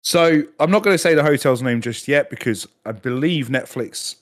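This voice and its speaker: A man's voice: mid-range voice, normal speed. A man in his thirties, a podcast guest, telling a story in casual chat, swearing freely and acting out the other people's lines.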